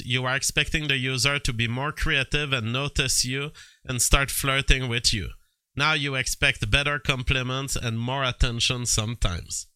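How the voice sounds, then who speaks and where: Slow, halting man with a bright tone. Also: mid-range voice, smooth, dry recording. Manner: slow, halting delivery with fillers, bursts of disbelief. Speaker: commentator. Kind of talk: casual commentary reading from screen.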